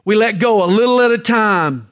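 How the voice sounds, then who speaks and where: A middle-aged man preaching a sermon on parenting, telling stories with dramatic pauses and slow, weighty emphasis. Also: high voice, animated, fairly bright tone. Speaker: pastor.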